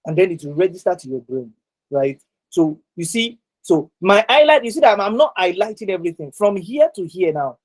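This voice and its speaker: In a low-quality recording, a man teaches a live online exam-prep session by video call, his high voice swinging widely in pitch at a fairly quick clip. He returns to his key points again and again, frequently asking his listeners "right?"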